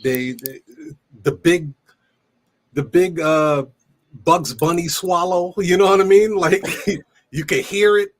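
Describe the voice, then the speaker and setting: A man with a fairly high voice hosts a relaxed interview. He speaks very slowly and haltingly, restarting his sentences as he thinks aloud. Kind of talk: casual interview chat.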